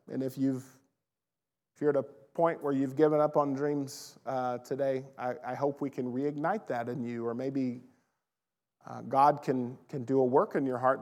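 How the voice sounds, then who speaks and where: A man preaches to his church in a loose, conversational way, growing animated as he tells the story. His voice sits a little high for a man. The sound carries the long reverb of a large hall. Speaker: pastor. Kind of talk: sermon.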